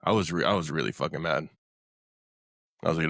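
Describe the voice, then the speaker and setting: Low voiced dude rambling on a podcast, cusses a lot, dry room. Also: male voice, a little fast, gravelly, a bit bright, no echo. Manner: blunt, swears freely, rambling. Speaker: podcast host. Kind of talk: casual podcast chat.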